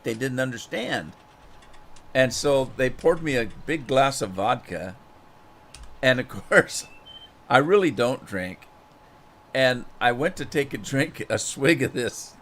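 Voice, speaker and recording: A man's voice: mid-range voice, fairly bright tone. A man streaming a farming game, telling a rambling anecdote with chuckles and repeated words, then greeting viewers in chat. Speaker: gaming streamer. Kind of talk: casual storytelling while gaming.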